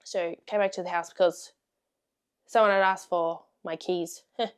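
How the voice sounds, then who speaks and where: A young woman vlogging a casual storytime, blunt and sweary, laughing often and swinging from loud to hushed. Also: lowish voice, fairly even intonation, moderate pace, clean tone.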